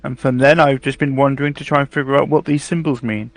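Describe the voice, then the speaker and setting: A man voicing a quiet metal construct with no memory, speaking slowly and reflectively in a tabletop role-play. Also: medium pitch, steady tone, soft background music, natural voice. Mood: wistful.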